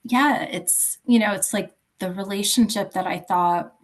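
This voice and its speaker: A woman in her fifties, a podcast guest telling a personal story in a halting, soft voice that searches for words. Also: mid-range voice. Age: 50s.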